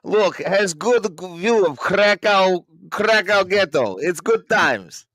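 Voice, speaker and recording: A man putting on a boastful Polish magician with a slow, exaggerated Eastern European accent. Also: a little high, lively intonation, fairly bright tone, no echo, clean studio sound, voice pushed up.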